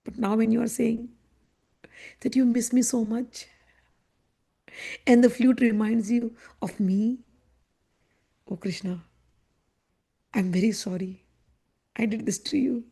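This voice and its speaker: A woman's voice: a little high, steady tone, measured pace, vocal fry, long pauses, dark tone. A woman voicing a loving teenage girl goddess who speaks hesitantly and apologetically. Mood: apologetic.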